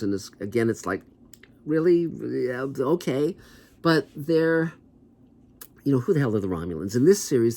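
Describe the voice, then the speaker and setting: Male host, low-ish voice, conversational and digressive, skeptical asides. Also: a little mellow. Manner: rambling, conversational, many asides; skeptical, wry. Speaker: TV writer and show host. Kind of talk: casual commentary to camera.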